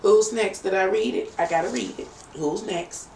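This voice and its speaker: A middle-aged woman hosts a playful, bawdy tarot reading on a live stream, bantering with viewers. Her mid-range voice is creaky and a little mellow, at a normal speed, picked up by a roomy, distant home mic with a faint hum behind it.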